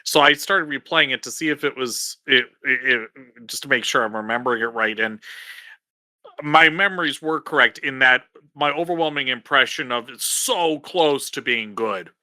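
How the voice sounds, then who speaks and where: A man's voice: mid-range voice, moderate pace, bright, forceful tone, no echo, clean studio sound. A man co-hosting a podcast in casual chat, rambling and hesitant with many ums. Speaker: podcast co-host.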